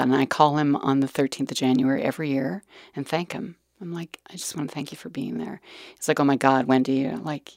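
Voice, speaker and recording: Earnest middle-aged woman with gravelly fry. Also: low voice, no echo, clean studio sound. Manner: earnest, dropping to whispered asides. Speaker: nurse educator guest. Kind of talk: candid personal storytelling.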